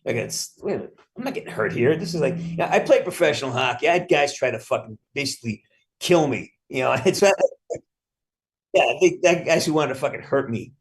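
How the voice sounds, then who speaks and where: Middle-aged male actor, interview guest, rambling and profane, ordinary pitch. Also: animated, a little fast. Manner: rambling, frequent restarts, casual swearing. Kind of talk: casual interview answers.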